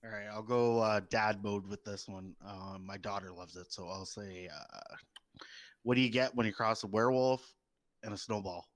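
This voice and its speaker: Low-voiced dad telling jokes. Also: male voice, steady tone, normal speed. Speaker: stream guest, a father. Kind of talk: casual stream chat, telling dad jokes.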